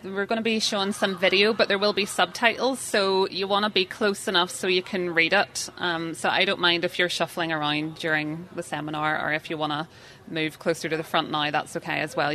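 Woman seminar speaker, bright and forceful, chatty, keeps quizzing the room. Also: fairly low pitch, slight background noise. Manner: chatty, self-deprecating, questions the audience. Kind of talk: interactive live seminar talk.

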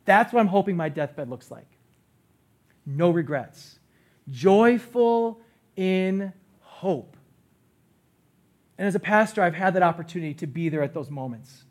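A middle-aged man, a pastor, preaching a sermon on a church stage, swinging from loud bursts to quiet asides. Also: fairly high pitch, fast, hardly any pauses.

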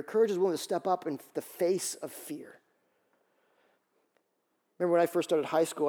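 High-voiced animated man preaching. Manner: animated storytelling, acts out quoted voices. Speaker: pastor. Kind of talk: sermon.

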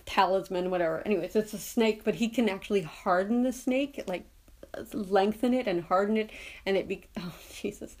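Woman podcast host, casual solo chat, easy laugh, middle pitch. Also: a little mellow. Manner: chatty, laughs often while retelling scenes.

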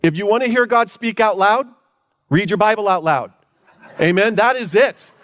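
Guy preaching a sermon, pretty high voice, leans hard on words and drags them out. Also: lively intonation, fairly bright tone. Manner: emphatic, drawn-out preaching with big pitch swings. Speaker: pastor.

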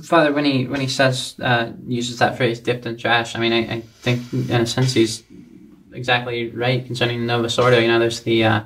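A man's voice: mid-range voice, flat delivery, normal speed, a bit bright, poor audio. A man co-hosting a talk show, speaking tentatively with fillers and restarts. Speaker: co-host. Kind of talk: conversational discussion.

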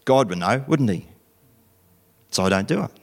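A man's voice: lowish voice, normal speed, gravelly. A middle-aged man preaching a conversational sermon, telling stories, acting out voices and questioning his listeners. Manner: animated storytelling, acting out voices, asking the audience questions.

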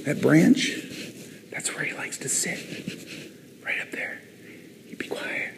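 A man voicing a secretive male circus ringleader who speaks low and half-whispered, in a story told within a sermon. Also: very animated, moderate pace, noisy background. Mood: hushed coaxing. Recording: long echo of a large hall.

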